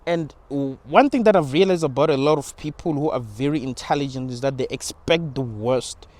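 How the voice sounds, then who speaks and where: A man's voice: mid-range voice, fairly quick, a little mellow. A young man talking in a rambling, informal monologue about spirituality, with slang and frequent restarts. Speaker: channel host.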